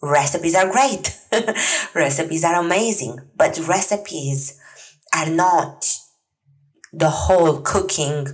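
A woman in her thirties hosting a solo podcast, talking in an earnest, chatty way with many fillers and soft laughs. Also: lowish voice, takes it slowly, pauses often, rough recording. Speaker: podcast host.

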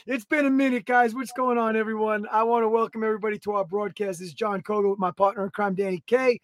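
A man in his thirties co-hosting a podcast, talking loudly in an excitable, joking and profane way. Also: high voice, fast talker, no echo. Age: 30s. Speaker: podcast co-host. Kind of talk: casual podcast banter.

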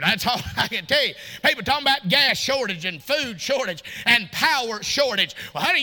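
A man's voice: very high-pitched, sharp tone. A man preaching a sermon in a fervent, folksy way, with asides to the congregation. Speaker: pastor.

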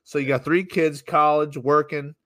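A male podcast host with a bright, forceful, slightly high voice, riffing and ribbing his guest. It is recorded close and dry. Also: fairly even intonation, moderate pace, no echo. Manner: rambling, jokey, profane. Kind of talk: casual podcast interview.

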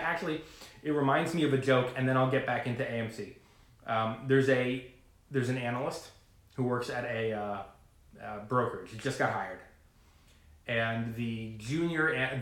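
Casual male vlogger, mid-pitch, excitable rambling delivery, room echo. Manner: rambling, animated, swears casually. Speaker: retail investor vlogger. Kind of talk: casual talk to camera.

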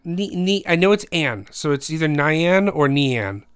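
A man's voice: fairly high pitch, fairly quick, clear, resonant tone. Casual rambling podcast guy. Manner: teasing, swears freely, laughs loudly when flustered; rambling storytelling with fillers. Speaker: podcast co-host. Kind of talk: casual chat.

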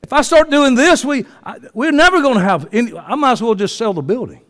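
A high-voiced preacher in his fifties delivers a fiery sermon, dropping to soft asides and then rising to shouts. His voice rings out with the long reverb of a church hall. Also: lively intonation, brisk. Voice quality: passionate, swings from soft to shouting. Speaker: pastor. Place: church sanctuary.

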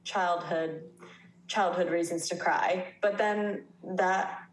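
A woman's voice: on the low side, steady tone, takes it slowly, slight background noise. A young woman in her twenties co-hosting a podcast, chatting casually and rambling through lists of reasons. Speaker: podcast co-host. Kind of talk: casual chat. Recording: echoey room with faint ambience.

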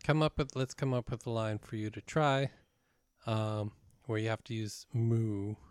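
A man co-hosting a casual podcast, relaxed and teasing, leading the segments. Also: on the low side, unhurried, clean tone, no echo, clean studio sound. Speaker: podcast co-host. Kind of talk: casual chat.

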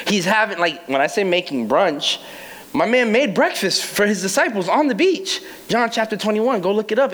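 A man's voice: sits high, a bit bright, rough recording. A young adult man preaching a casual, playful sermon as pastor, acting out quoted voices with laughs.

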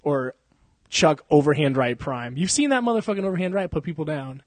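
A young man hosting a casual chat, swearing freely, laughing often and telling animated stories. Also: on the high side, brisk, dry recording. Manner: profane, laughing, animated storytelling. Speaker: podcast host.

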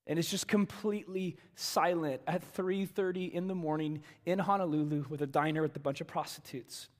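A male pastor preaching a sermon, telling a story with animated delivery that swings from hushed to loud and emphatic. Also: fairly high pitch, normal speed. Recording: reverberant church hall.

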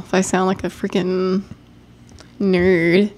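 A young woman with a stuffed-up nose, chatting loosely on a podcast. Her voice sits a little low and carries a gravelly fry. She rambles, restarts her sentences and laughs a lot. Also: moderate pace. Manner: rambling, self-interrupting, laughs often. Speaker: podcast co-host. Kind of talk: casual chat.

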